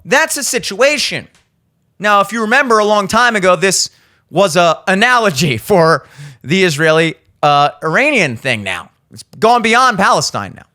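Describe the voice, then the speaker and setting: In a studio, a man in his thirties hosts a podcast, offering blunt, profane opinion commentary and acting out the people he quotes. His voice is high-pitched and bright with a pushed quality, swinging widely in pitch at a moderate pace.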